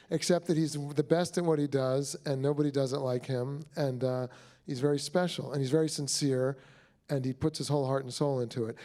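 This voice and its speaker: A man's voice: on the high side, darkish tone. A middle-aged man, a film director, talking about his work at a screening Q&A, rambling and effusive with many restarts. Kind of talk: Q&A talk after a screening.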